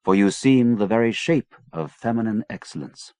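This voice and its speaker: A man's voice: lowish voice, normal speed, dark tone, no room sound, pitched above the performer's own voice, close to an everyday voice. A man doing an icy, courtly commander. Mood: cool. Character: suave Portuguese male commander, cool and cutting. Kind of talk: audiobook character voice.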